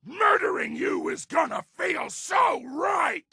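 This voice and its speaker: A gravelly, roaring murderous game monster. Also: male voice, very high voice, very animated, slow, raised voice, a loud crowd, heavy background noise, exaggerated voice. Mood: raging taunts. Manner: bellowing short brutish threats, cackling. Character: hulking brutish monster, gleefully murderous. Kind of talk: game character voice lines.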